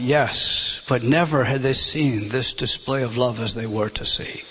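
A man preaching a sermon, moving between a spoken delivery and dramatic drops to a hushed whisper. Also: mid-range voice, a little slow, few pauses, slightly rough, rough recording.

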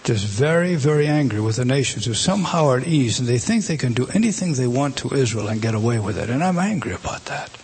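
A man's voice: medium pitch, animated, quick pace, few pauses, darkish tone, slight background noise. A man preaching a sermon, emphatic and often repeating words as he speaks.

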